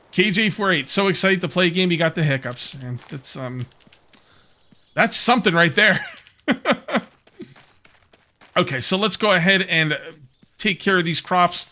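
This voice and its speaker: A let's player with a high-pitched voice and lively intonation plays a survival game, speaking a little slow with long pauses. He rambles casually, musing and questioning himself with soft laughs, interrupted by hiccups.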